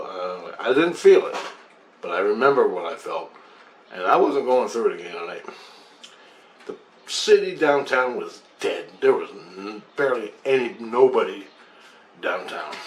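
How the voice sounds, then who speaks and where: A man telling a personal story casually, rambling and swearing, laughing at himself and sometimes dropping to a mutter. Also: fairly low pitch. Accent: Windsor, Ontario. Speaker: storyteller recounting a personal experience. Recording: roomy echo, faint background hum.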